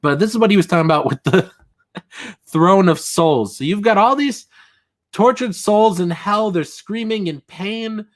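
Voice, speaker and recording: A man's voice: high-pitched, unhurried. A man hosting a casual livestream, rambling and chatty, full of fillers and chuckles. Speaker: livestream host.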